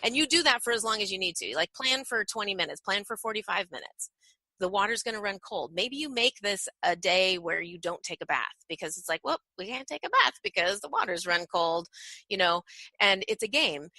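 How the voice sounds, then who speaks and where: A woman guest speaks on a podcast about parenting, acting out playful voices as she tells her stories. Her tone is bright and forward, and the recording is dry and close. She talks in an animated way. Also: medium pitch, brisk, no room sound, low-quality recording. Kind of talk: podcast interview.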